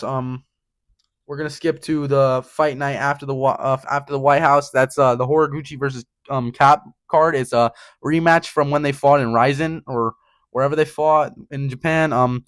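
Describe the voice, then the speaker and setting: A man's voice: mid-range voice, no room sound. A young man hosting his own channel, ranting heatedly in casual talk, swearing and repeating "bro". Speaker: channel host. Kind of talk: casual fight-prediction rant.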